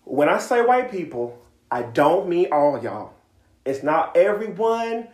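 A woman's voice: fairly low pitch, big pitch swings, a little slow, darkish tone, echoey room. A woman co-hosting a podcast, ranting bluntly and sarcastically with plenty of swearing. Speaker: podcast co-host. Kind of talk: casual profane rant.

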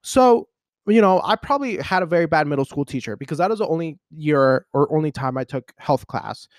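A man's voice: fairly high pitch, fairly quick, dry recording, studio quality. Rambling young man telling a story. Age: 20s. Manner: animated, rambling, heavy use of "like". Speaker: podcast host. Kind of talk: casual storytelling monologue.

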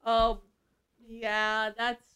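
A woman with a smooth, clear voice that sits a little high. She chimes in with quick reactions and short comments during a casual conversation. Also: monotone, bright, forceful tone. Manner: reacts with short interjections and laughs. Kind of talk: casual chat.

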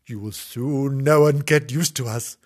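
A man putting on a high, gushing young girl's voice while reading a children's storybook aloud for laughs. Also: measured pace, a little mellow, natural voice. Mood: sympathetic.

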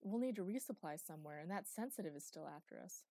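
A woman's voice: on the low side, animated, fast talker, dark tone, no room sound, studio quality. A woman voicing a practical, reasonable female crewmate in an audiobook. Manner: level, reasonable.

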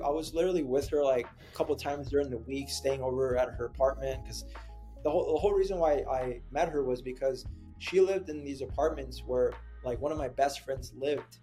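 Male dating coach, casual podcast storyteller, filler-heavy, mid-pitched. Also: a little fast, mellow, soft background music.

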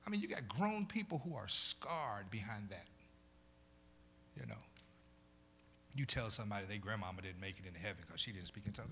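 A male pastor preaching a sermon, moving between loud preaching and soft conversational storytelling and repeating phrases for emphasis. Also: mid-range voice, slight background noise. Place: church.

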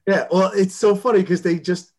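A male podcast co-host chatting casually, with hesitant, halting restarts. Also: high-pitched, steady tone, a little mellow. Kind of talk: casual chat.

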